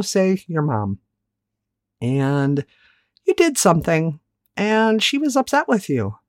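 Lively, candid woman speaking solo. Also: deep voice, no echo, studio quality. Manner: candid, animated, casually profane. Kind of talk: reflective solo monologue.

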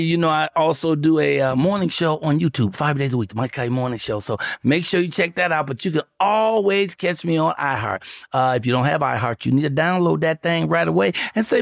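A man's voice: fairly high pitch, gravelly, no echo, clean studio sound. A man hosting a comedy talk show, riffing loosely and profanely, telling jokes to his guests. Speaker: podcast host and comedian. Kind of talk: casual comedic chat.

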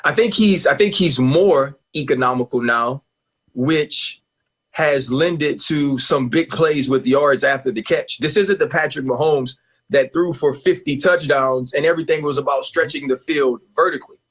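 A man with a husky, slightly high voice talks sports on a radio show. He is emphatic and animated and laughs often. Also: moderate pace. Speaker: guest analyst, former player.

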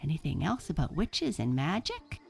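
A woman's voice: sits low, wildly swooping pitch, moderate pace, creaky, a little mellow, exaggerated voice. A woman voicing a young storybook critter who gets sleepy but is easily amazed.

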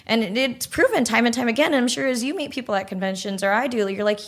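A woman's voice: on the high side, quick pace, few pauses. American woman, candid and earnest. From United States. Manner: candid, earnest, heavy use of "like". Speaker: guest. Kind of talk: conversational podcast interview.

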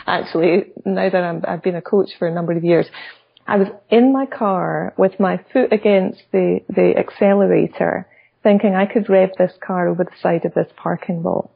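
A woman's voice: mid-range voice, vocal fry, breathy edge. A Scottish woman guest, a coach, telling her story candidly and reflectively. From Scotland. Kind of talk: interview storytelling. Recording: dull lo-fi audio.

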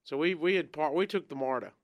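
A man's voice: on the high side, fast, no echo, muffled recording. A man telling a rambling childhood story in casual chat. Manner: rambling, animated, acts out quoted voices.

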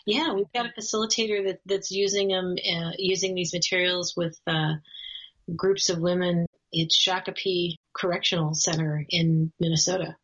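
A woman's voice: fairly low pitch, flat delivery, normal speed, breathy edge, muffled recording. A woman telling a personal story in a casual conversation, speaking earnestly with frequent small laughs and restarted phrases. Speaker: guest, course facilitator.

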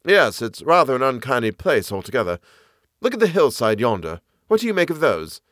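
A man voicing an eager, knowledgeable naturalist man who explains the moor with lively enthusiasm. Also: medium pitch, a little fast, no room sound, clean studio sound. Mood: lecturing.

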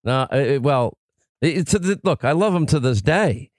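A man hosting talk radio, reading ads and bantering with his co-host in a fast, jokey way. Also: mid-range voice, lively intonation, no room sound. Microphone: studio microphone.

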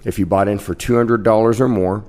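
A man in his fifties from Kansas, a casino host telling lively stories as a guest in a podcast interview. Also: on the low side, a little fast. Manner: brash, animated anecdote-teller.

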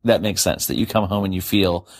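A man's voice: sits low, fairly quick. A man in casual recorded conversation with his wife, talking in an earnest, argumentative way. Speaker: podcast host's husband.

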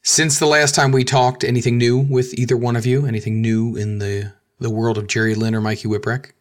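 A man's voice: mid-range voice, flat delivery, fairly quick. A man hosting a podcast, reading a sponsor spot and asking his guests questions. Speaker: podcast host. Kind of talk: casual chat and ad read.

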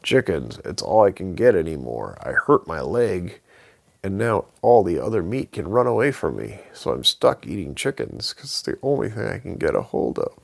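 A man doing a huge, grumpy Bigfoot who speaks slowly and gruffly, in a gravelly, rough voice. His pitch lurches up and down between complaints. It is a bedtime storybook creature. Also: sing-song, heavily acted. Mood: gruff, aggrieved. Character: big hurt grumpy male Bigfoot.

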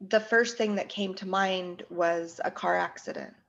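Woman in her forties, slow grieving storyteller, muffled lo-fi sound. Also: mid-range voice, steady tone, gravelly, a bit bright. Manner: slow, halting, with restarts. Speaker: guest recounting her son's death. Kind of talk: emotional personal account.

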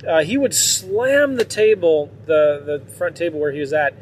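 Candid rambling man, slightly high voice. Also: sing-song, normal speed, a little hiss or hum. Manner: rambling, candid, laughs often. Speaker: vlogger. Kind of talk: casual monologue to viewers.

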